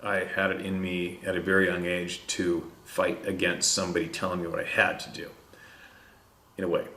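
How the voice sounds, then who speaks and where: A man with a Canadian accent hosting a podcast, telling stories in a relaxed, rambling way and tossing in "eh". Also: sits low, moderate pace, reverberant. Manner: relaxed, rambling, drops "eh" and laughs. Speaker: podcast host. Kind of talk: casual storytelling chat.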